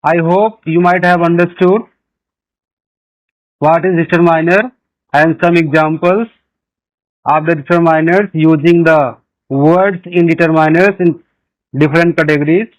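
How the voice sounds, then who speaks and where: A man's voice: fairly high pitch, steady tone, a little slow, pauses often, low-quality recording. A man teaching an English grammar lesson, saying each example twice, with an Indian English accent.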